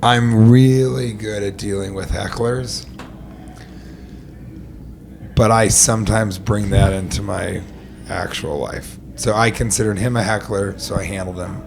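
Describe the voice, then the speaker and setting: A comedian guest on a podcast, telling stories in a profane, animated way that swings between loud outbursts and hushed asides. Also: male voice, on the low side, normal speed, vocal fry. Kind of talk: casual podcast chat. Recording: noisy background.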